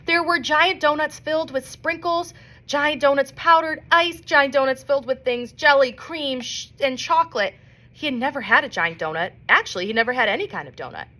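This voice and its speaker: A woman reading a children's novel aloud in an expressive storybook manner. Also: high voice, moderate pace. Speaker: reader.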